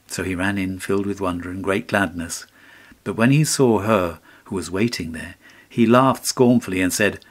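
Low-voiced male storyteller. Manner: measured, storytelling. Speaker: audiobook narrator. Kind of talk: scripted narration of a fairy tale.

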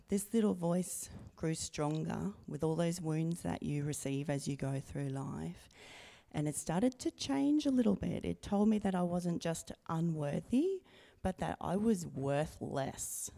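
A middle-aged woman speaks slowly and earnestly into a handheld mic, telling her story to a church congregation. Her voice sits low and dark, with a gravelly fry running through it. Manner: slow, earnest, quiet and intimate. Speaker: baptism candidate sharing testimony. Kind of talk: personal testimony read to a congregation. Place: church sanctuary. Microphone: handheld microphone.

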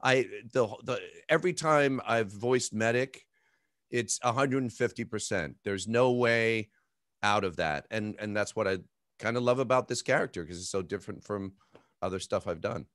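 A man's voice: on the low side, moderate pace, dry recording, studio quality. A man, a game voice actor, chatting casually and playfully on a fan panel. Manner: animated, playful, laughs often.

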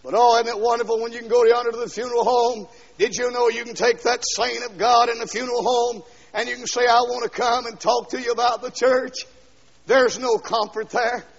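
High-voiced gravelly preacher shouting a sermon. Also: male voice, level tone, brisk. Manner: swings from quiet asides to shouted, sung-out lines. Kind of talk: fiery revival sermon. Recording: dull 1970s LP recording with long hall echo.

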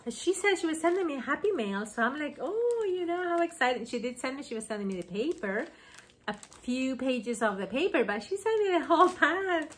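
A woman chatting excitedly on her home craft vlog, gushing over gifts she received. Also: sits high. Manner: gushing, excited, slow-paced. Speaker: craft vlogger. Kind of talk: casual vlog chat.

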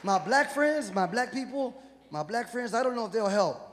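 A man's voice: extremely high pitch, expressive, normal speed, a bit bright. A man from Houston, Texas, performing a profane, punchy stand-up comedy set on stage. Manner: profane, rowdy, punchy delivery. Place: comedy stage before a live audience. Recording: live venue with long reverb and crowd noise. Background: audience laughter and hall ambience.

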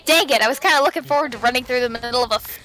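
A woman with a high, pushed and bright voice talks very fast as she plays an online game at home with her partner. It's casual gameplay chat, full of playful, teasing banter aimed at him.

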